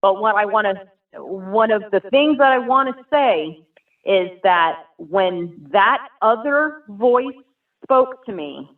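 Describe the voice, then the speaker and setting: A woman's voice: medium pitch, expressive, slow. A woman tells her personal story in an earnest, vivid way, the words pouring out with feeling. Her voice comes through thin and tinny, as on a phone line, and sits far from the microphone. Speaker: guest sharing a personal testimony. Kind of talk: emotional personal testimony.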